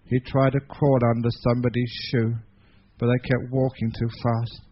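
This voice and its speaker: A monk with an English accent giving a sermon, telling a story in an animated way, swinging between loud and hushed passages. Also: male voice, mid-range voice, normal speed, muffled recording, slight background noise. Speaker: monk giving a Dhamma talk. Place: meeting hall.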